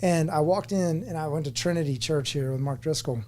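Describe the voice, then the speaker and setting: Speaking briskly in a fairly high, slightly mellow voice, a forty-something man on a podcast shares his story with candor. He comes across as earnest and reflective while discussing his personal struggles openly.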